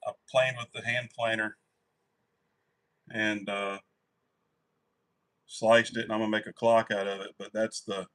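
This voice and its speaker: A man's voice: medium pitch, poor audio. A man hosting a live stream from his workshop, chatting casually and rambling easily with viewers. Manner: easygoing, rambling, warm toward family.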